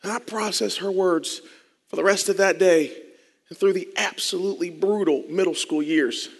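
A man telling his own life story as a dramatic speech, moving between hushed asides and loud, intense passages. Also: high-pitched, moderate pace. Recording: long reverb of a large hall.

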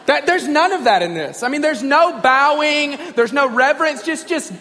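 A man's voice: very high-pitched, expressive, normal speed, hardly any pauses, pushed and bright. A man preaching a sermon in a direct, conversational way, often asking the audience questions. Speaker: pastor. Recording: long reverb in a large hall.

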